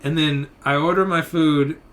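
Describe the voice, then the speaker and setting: A man co-hosting a casual podcast, telling annoyed stories full of swearing and quick impressions of other people. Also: fairly high pitch, fairly even intonation, a bit bright. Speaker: podcast co-host. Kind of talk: casual storytelling chat.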